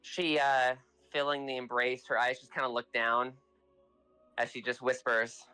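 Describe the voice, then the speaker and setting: A tabletop player casually describes what their character does. The pitch sits in a middle range, and the telling is halting, with restarts. Faint music plays underneath. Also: flat delivery, pushed and bright, clean tone, low-quality recording. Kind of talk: narrating character actions in a tabletop game.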